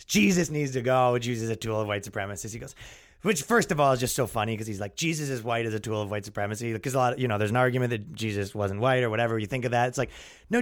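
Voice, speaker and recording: A young adult man hosting a podcast, ranting casually and acting out quotes in his own voice. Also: mid-range voice. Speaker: podcast host. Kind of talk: casual comedic rant.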